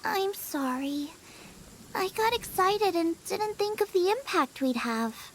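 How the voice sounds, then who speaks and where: A woman's voice: extremely high pitch, lively intonation, slow, a little hiss or hum, heavily acted. A woman voicing a cheerful, food-obsessed young female chef who rambles enthusiastically about recipes in a video game. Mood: apologetic. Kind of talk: video game cutscene voice acting. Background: game music.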